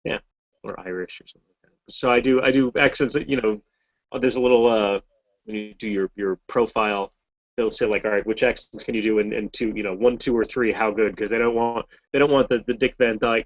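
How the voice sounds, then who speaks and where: A voice actor from Massachusetts chatting casually on a video call, rambling and correcting himself with a wry tone. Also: male voice, mid-range voice, brisk, no echo, lo-fi sound. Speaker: voice actor guest. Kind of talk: casual chat in a video hangout.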